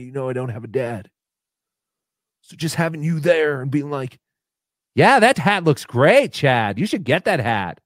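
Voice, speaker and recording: A man voicing a needy, lonely adult man who pines for an old friend, speaking softly and pleading. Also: a little high, no room sound, studio quality, voice pushed down. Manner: soft, mopey, pleading.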